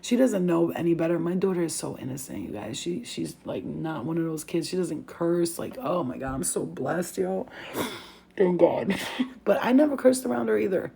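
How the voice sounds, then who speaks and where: A woman in her thirties telling casual, animated stories to her viewers, using a lot of slang and swearing freely. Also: lowish voice, moderate pace, vocal fry, a little hiss or hum. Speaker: vlogger. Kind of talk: casual storytelling to camera.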